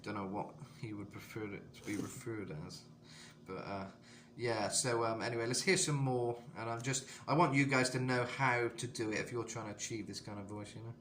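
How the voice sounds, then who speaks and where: A man's voice: steady tone, fairly quick, background noise. A British man in his twenties, chatting loosely through a vocal tutorial, with lots of fillers and asides. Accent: British English. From England. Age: 20s. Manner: rambling, filler-heavy, breaks into high falsetto demos. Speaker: vocal coach.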